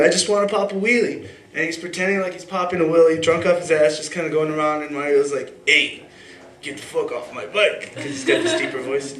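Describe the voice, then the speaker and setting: A man's voice: fairly high pitch, fairly bright tone. A young man telling a personal story live on stage at a story slam, casual and rambling, full of fillers and restarts. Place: live event venue with audience. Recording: echoey room with faint ambience.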